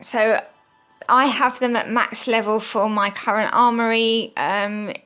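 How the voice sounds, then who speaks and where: A woman's voice: fairly high pitch, fairly even intonation, measured pace, sharp tone, soft background music. A woman hosting a gaming channel, giving chatty mobile game commentary with lots of ums and frequent asides to viewers as "guys". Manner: chatty, filler-heavy, addresses viewers as guys.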